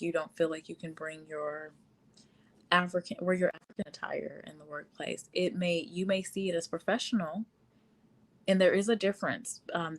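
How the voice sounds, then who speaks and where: A woman hosting a casual live stream, talking at length with frequent fillers and reading viewer comments aloud. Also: on the low side. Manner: frequent fillers, laughs often. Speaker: livestream host.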